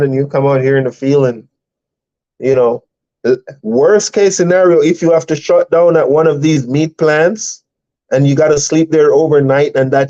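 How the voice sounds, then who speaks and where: Male stream host, easygoing storyteller, mellow tone, lo-fi audio. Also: fairly high pitch. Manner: chatty, laughs often, rambling storytelling. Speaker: truck driver and live stream host. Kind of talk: casual live stream chat.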